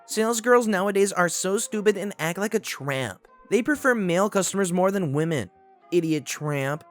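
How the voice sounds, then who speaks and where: A man's voice: high voice, lively intonation, normal speed, soft background music, voice pushed up. A man voicing an insulting, scolding woman shopper in a storytime narration. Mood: contemptuous. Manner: scolding, contemptuous. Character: rude shrill woman shopper, insulting and loud.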